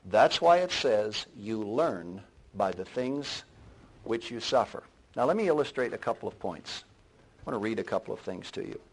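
A man preaching a sermon, swelling to loud emphatic lines and then dropping to a low, quiet delivery. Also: husky, low-quality recording. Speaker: pastor.

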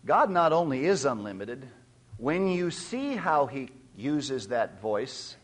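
A man preaching a sermon, teaching and questioning his listeners, swelling loud on key points. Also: medium pitch, big pitch swings, slow. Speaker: pastor.

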